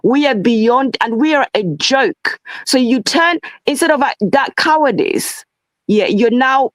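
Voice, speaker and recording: A woman's voice: high-pitched, a little slow, no echo, poor audio. A woman in an impassioned discussion, talking fervently, asking rhetorical questions and lecturing her listeners. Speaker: guest.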